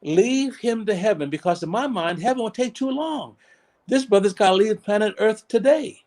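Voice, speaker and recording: Older man, earnest measured storyteller. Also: high voice, lively intonation, darkish tone. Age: 70s. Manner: earnest, measured storyteller who slows for emphasis. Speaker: guest, pastor. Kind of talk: personal storytelling in a podcast interview.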